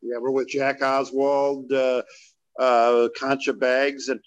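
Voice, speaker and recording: A man's voice: medium pitch, level tone, slow, highs cut off. A man hosting an interview, asking chatty, folksy questions with fillers. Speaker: interview host. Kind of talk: casual interview.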